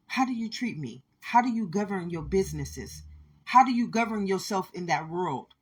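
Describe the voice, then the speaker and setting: Woman preaching hard at her listeners, husky breathy voice, keeps hammering the same lines. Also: mid-range voice, expressive, normal speed. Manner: intense, repetitive, preachy, addresses listeners directly. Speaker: spiritual speaker. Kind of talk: impassioned spiritual monologue.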